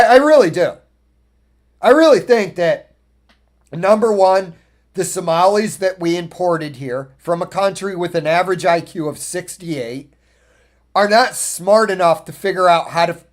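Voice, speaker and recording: Male podcast host, high-pitched voice, blunt and profane, ranting casual monologue.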